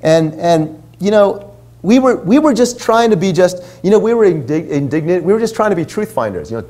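A man's voice: high-pitched, big pitch swings, fairly quick, warm tone. A man in his forties, a minister, telling a story in a sermon in a casual, chatty way full of asides. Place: church.

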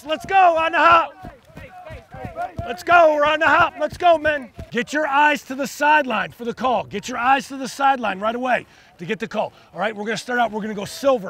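A man's voice: very high-pitched, a little fast, bright, forceful tone. A man coaching football at an outdoor practice through a body mic, barking short commands and praise at his players. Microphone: body-worn mic.

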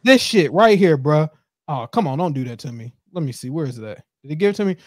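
Podcast host, male, animated profane rants, slightly high voice, dry room. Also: fast, no echo. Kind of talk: casual podcast chat.

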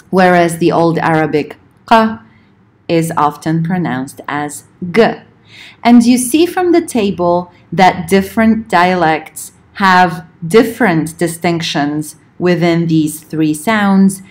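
Slow, measured woman giving a lecture. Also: fairly low pitch. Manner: measured, explanatory, slows to spell out examples. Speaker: linguistics lecturer. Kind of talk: recorded lecture.

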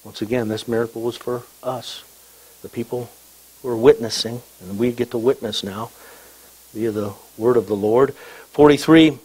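A man preaching a sermon as pastor, reading scripture aloud with slow emphasis and dropping in light, humorous asides. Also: mid-range voice, fairly even intonation, darkish tone, slightly rough, poor audio.

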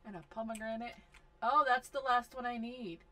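A woman's voice: on the high side, steady tone, normal speed, pushed and bright. A woman giving casual commentary over a life simulation game, talking to and scolding her characters with frequent exasperation. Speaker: gaming video host.

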